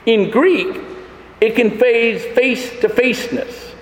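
High-voiced preacher in an echoing hall. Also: male voice, slow pace. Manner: emphatic preaching with rhetorical questions. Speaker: pastor. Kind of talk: sermon. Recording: echoey hall with long reverb.

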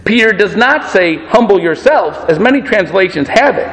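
A male pastor preaching a sermon, dwelling on words with slow, emphatic pauses. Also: sits high, animated, a bit bright. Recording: echoey hall reverb.

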